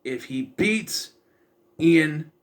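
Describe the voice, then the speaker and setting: A man's voice: fairly high pitch, animated, extremely slow. A young man casually reviewing a film, rambling and sarcastic, with incredulous asides. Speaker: movie reviewer.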